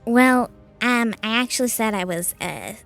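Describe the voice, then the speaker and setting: A woman's voice: a little high, animated, a little slow, creaky, a bit bright, soft background music, full character voice. A woman playing a small, earnest clan warrior. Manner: hesitant, earnest. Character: small, earnest male clan warrior, three feet tall.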